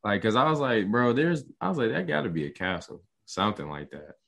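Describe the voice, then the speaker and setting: A young man co-hosting a casual podcast, excitable and slangy as he reacts to a show. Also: on the low side, fairly quick, creaky. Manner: excitable, slangy, rises sharply when enthused. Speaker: podcast co-host. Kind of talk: casual podcast recap chat.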